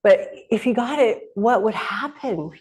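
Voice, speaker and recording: A woman's voice: a little high, expressive, a little slow, darkish tone. A middle-aged woman hosting a casual spoken teaching talk, rambling along with frequent restarts and laughs. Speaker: host.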